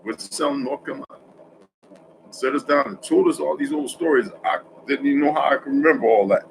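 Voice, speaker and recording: A man vlogging in a casual, rambling monologue, correcting himself often and swinging between loud stretches and hushed asides. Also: mid-range voice, fast, gravelly, noisy background.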